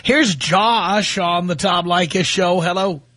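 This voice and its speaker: A male talk radio host taking calls, with brisk, wry reactions. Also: high voice, a bit bright, no room sound, clean studio sound. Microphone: studio microphone.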